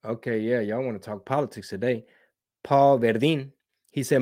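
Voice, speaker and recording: A man's voice: medium pitch, fairly even intonation, normal speed, mellow. A man hosting a casual live stream, reading viewer comments in a rambling, slangy way and dropping Spanish words.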